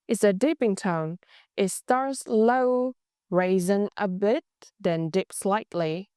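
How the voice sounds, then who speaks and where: A young woman with a Vietnamese accent teaching a language lesson, speaking slowly and carefully and drawing out words to show how they sound. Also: medium pitch, a little mellow, smooth, dry recording, studio quality. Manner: slow, careful, exaggerated tone demonstrations.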